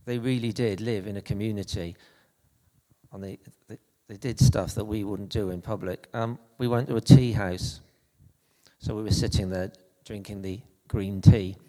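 A man delivers a sermon in a relaxed, conversational way, often stopping to restart his sentences. His voice is low and mellow. A long reverb hangs around him, as in a church hall. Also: normal speed. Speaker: preacher. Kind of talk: anecdotal sermon.

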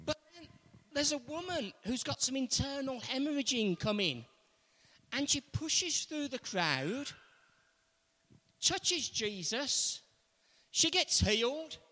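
A man's voice: very high voice, very animated, slow pace, long pauses, sharp tone. A man preaching a sermon, retelling a story with emphatic repetition. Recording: long reverb of a large hall.

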